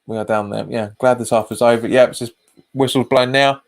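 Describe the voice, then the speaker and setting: A man's voice: medium pitch, fairly even intonation, a little fast, creaky. Chatty man hosting a live match stream. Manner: chatty, reacts to live chat comments and the match; casual, says "mate" often. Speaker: host of a football fan channel. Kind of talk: live match watch-along chat. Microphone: webcam.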